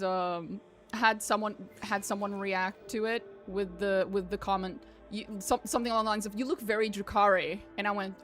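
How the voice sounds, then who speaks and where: A woman's voice: medium pitch, steady tone, normal speed, few pauses, a bit bright, faint music behind. A young woman streaming a game, chatting casually with her viewers, swearing and laughing often. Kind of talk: casual chat while gaming.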